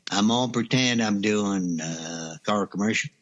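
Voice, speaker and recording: Slow-talking man with a Louisiana drawl. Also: on the low side, a bit bright, muffled recording. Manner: rambling, hesitant, mangles names. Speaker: comic guest. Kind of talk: comedic radio interview.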